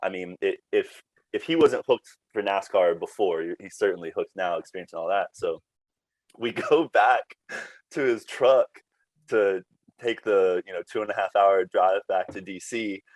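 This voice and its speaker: A man's voice: low-pitched, normal speed, no echo, poor audio. A man, a former team PR staffer, telling casual stories as a podcast guest and laughing through them. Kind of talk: casual storytelling chat.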